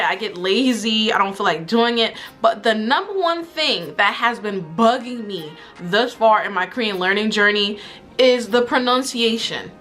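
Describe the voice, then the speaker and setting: A young woman in her twenties talking casually to camera in a vlog, animated and exasperated, joking as she goes. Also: a little high. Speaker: vlogger. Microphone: camera mic. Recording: faint music underneath.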